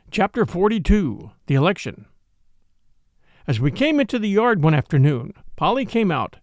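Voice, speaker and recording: A man narrating a classic novel as an audiobook, telling the story expressively. His voice sits high and swings widely in pitch. The sound is close and dry. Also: no room sound. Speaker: narrator and show host.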